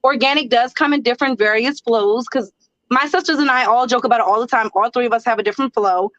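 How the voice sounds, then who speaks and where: A woman's voice: fairly high pitch, fast, a bit bright, dry recording. A woman co-hosting a talk show, chatting candidly and laughing often. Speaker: co-host. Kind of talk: casual chat. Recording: dry, dull lo-fi audio.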